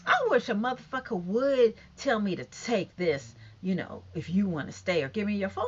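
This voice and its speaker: A woman's voice: mid-range voice, normal speed, hardly any pauses, muffled recording, slight background noise. A woman in her fifties ranting bluntly and profanely in a casual vlog. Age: 50s. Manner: blunt, profane, animated and emphatic. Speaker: vlogger. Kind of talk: casual rant to camera.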